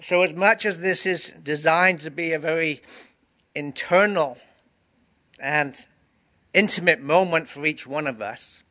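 A man's voice: on the high side, a little slow, long pauses, pushed and bright. A male pastor giving a communion sermon, preaching earnestly with emphatic repetition, and sniffling and teary.

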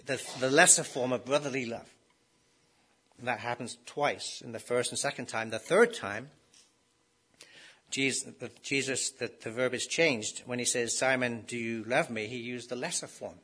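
A man's voice: mid-range voice, moderate pace, a bit bright, slightly rough. A man preaching a sermon in a conversational way, often asking his listeners rhetorical questions.

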